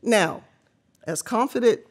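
A middle-aged woman, a podcast guest, telling an animated story, laughing often and acting out the voices of people she quotes. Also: fairly high pitch, slow, husky.

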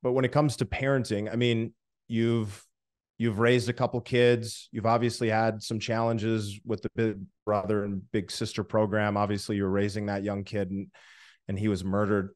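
A man's voice: on the low side, flat delivery, normal speed, darkish tone. A man hosting an interview podcast, asking his guest questions in a conversational way. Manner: conversational, winds up the segment. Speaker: podcast host.

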